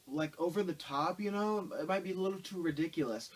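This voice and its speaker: A man's voice: high voice, fairly quick, far from the mic, voice pushed up. A man putting on a nervous, stammering actor. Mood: hesitant. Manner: hesitant, stammering, then loud and upset. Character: nervous, doubtful young male actor.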